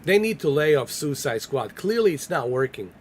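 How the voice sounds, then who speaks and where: Joking gaming streamer, faint hiss. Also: male voice, fairly high pitch, big pitch swings, normal speed. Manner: loose and joking, banters with chat and the game. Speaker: gaming livestreamer. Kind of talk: casual live commentary.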